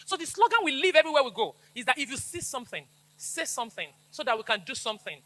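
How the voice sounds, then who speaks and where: A middle-aged Nigerian-accented woman, a police officer, drills schoolchildren with slogans in a fast, emphatic call-and-response. Her voice is bright and forceful, swinging widely in pitch, and it sounds dry and close. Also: big pitch swings. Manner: emphatic, preachy, repeats slogans for the crowd to echo.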